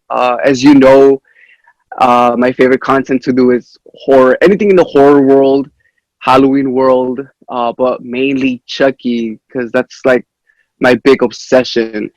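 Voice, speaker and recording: A man's voice: mid-range voice, no room sound, low-quality recording. Man, podcast guest, hesitant, dry close sound. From Chicago area. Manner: hesitant, relaxed, with many uh fillers. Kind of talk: casual interview answers.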